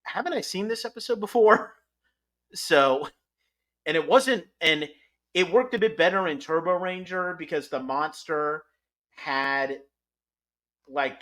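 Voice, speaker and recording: A man hosting a podcast, talking through episodes in a casual, animated way, rambling with frequent restarts. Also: a little high. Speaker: podcast host. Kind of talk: casual review chat.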